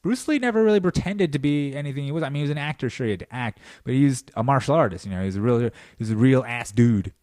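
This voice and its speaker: A man hosting a podcast in a comedic monologue, riffing in an animated, profane way and dropping into mock voices. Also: mid-range voice, fast, few pauses, no echo, clean studio sound. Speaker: podcast host. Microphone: podcast mic.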